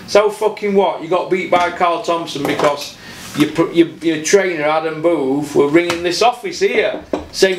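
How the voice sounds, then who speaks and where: A man's voice: fairly high pitch, unhurried, echoey room, slight background noise. Blunt, sweary South Yorkshire man. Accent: South Yorkshire English. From Doncaster, South Yorkshire, England. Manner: blunt, heavy swearing, repeats himself for emphasis. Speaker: boxing channel host. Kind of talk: solo boxing opinion rant.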